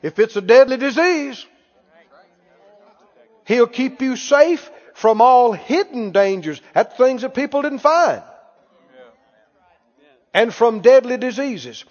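A man preaches a sermon in a high, animated voice. He takes his time and rises to shouts as he leads call-and-response. The recording is dull and rings with a long hall reverb. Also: slow pace, pauses often. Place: church.

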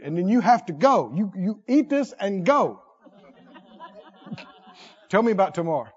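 A man preaching a sermon, animated, with call-and-response and comic asides. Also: high-pitched, unhurried, pauses often, slightly rough, big-room sound, dull audio.

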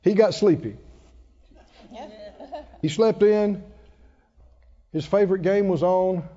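A man's voice: high voice, slow, warm tone. A man preaching a sermon to his congregation, calling for responses and laughing often. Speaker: pastor. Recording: dull echoey hall recording.

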